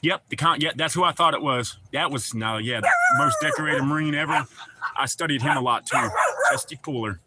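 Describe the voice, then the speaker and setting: A man's voice: on the high side, lively intonation, a little fast, background noise. A man hosting a livestream, chatting casually and profanely with viewers and joking around. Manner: profane, joking, talks back to chat. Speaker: livestream host.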